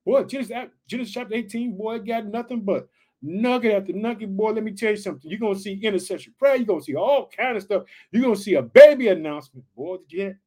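A man preaching and praying to an online audience, excited and full of repeated catchphrases. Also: high voice, fast talker, slightly rough. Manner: excited, repeats "let me tell you something" and "guess what". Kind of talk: online sermon and prayer.

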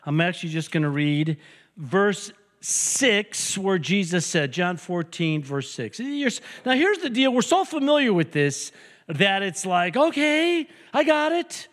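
An older man preaching a sermon as pastor, an animated storyteller who jokes and hammers points home with repetition. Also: sits high, a little slow. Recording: long hall reverb.

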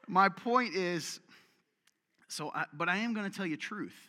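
A man delivers a lively sermon, energetic and direct, mixing pointed rhetorical questions with self-deprecating jokes. His voice sits a bit high and rings bright and forceful. The sound carries a long hall reverb, as in a large church. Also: slow. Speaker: pastor.

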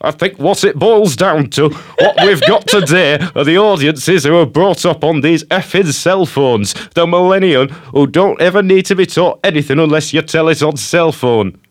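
A man doing an impression of a gruff older film director with a Yorkshire accent, blunt and ranting. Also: on the high side, moderate pace, hardly any pauses, voice pushed up, lightly acted.

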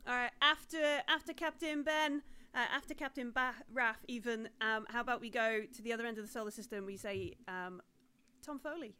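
A woman's voice: fairly high pitch, a little fast, bright, forceful tone, clear, resonant tone. A woman hosting and running a live tabletop role-playing game, chatty and full of fillers and laughs. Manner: chatty, laughing, lots of ums. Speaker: game master.

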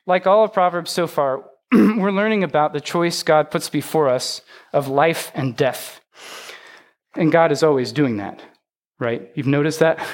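Conversational man preaching a sermon. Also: a little high. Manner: conversational, asks the congregation questions. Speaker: pastor.

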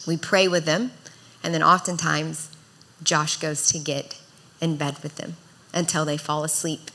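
Her voice low-pitched with little pitch movement and a sharp tone, a woman in her thirties delivers a sermon at a measured pace. Earnest and exhorting, she grows more intense, building to fervent appeals to the congregation.

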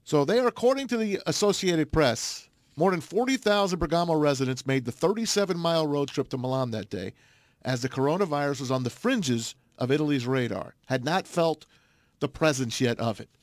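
A man co-hosting a casual sports talk show, relaying a news story in an animated way. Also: fairly high pitch, fairly quick, no echo. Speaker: co-host. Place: Detroit.

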